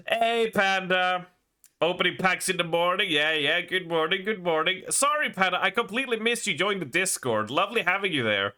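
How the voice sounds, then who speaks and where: A man's voice: high-pitched, bright, forceful tone, clean tone. An Australian man chatting casually while streaming a game, rambling with lots of fillers and frequent laughter. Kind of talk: casual chat while gaming.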